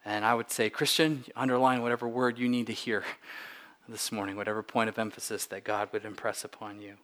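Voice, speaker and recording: A man's voice: on the low side, level tone, fairly quick, fairly bright tone. A man preaching a Sunday sermon as pastor, earnest and emphatic, repeating and stressing key words to drive a point home.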